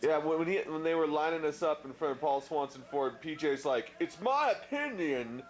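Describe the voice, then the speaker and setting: A man's voice: a little high, flat delivery. A middle-aged man chatting with old friends, stumbling over words and swearing. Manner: halting, repeats words, profane. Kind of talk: casual chat among old friends.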